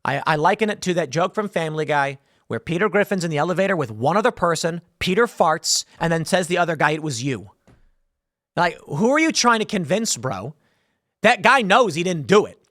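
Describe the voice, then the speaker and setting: A man talks straight into a close mic in a dry room, and his pitch rises and falls all through a sarcastic political monologue. His voice sits a little high for a man, and he keeps shifting into mocking voices as he tells his stories. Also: dry recording. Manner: sarcastic, animated storytelling with mocking quoted voices. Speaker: political commentary host. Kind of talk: solo political commentary monologue.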